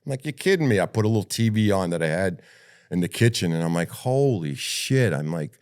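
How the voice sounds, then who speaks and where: An older man with a New York accent telling a rough, profane story as a retired firefighter in an interview. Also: deep voice, quick pace. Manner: blunt, profane, lively retelling.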